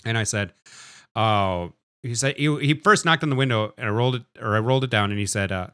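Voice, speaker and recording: A man with a bright voice at a middle pitch, telling a rambling story on a casual podcast. He acts out the other people's lines as he goes. The sound is dry and close. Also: quick pace, clear, resonant tone, dry recording. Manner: rambling anecdote with quoted voices. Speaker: podcast co-host.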